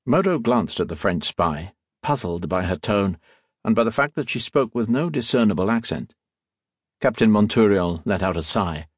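A man narrating an adventure audiobook in expressive scripted storytelling. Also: fairly low pitch, normal speed, breathy edge, no echo, studio quality.

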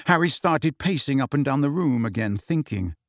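A man narrating a novel as an audiobook, expressive and giving each character a voice. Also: medium pitch, normal speed, dry recording, clean studio sound. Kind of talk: scripted storybook narration.

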